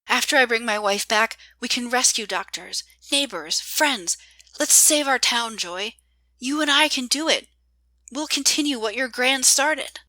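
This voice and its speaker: A woman's voice: a little high, animated, a little slow, bright, forceful tone, no echo, voice pushed up, poor audio. A woman reading an earnest young man, pleading. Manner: pleading, heartfelt. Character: earnest young man yearning for real life.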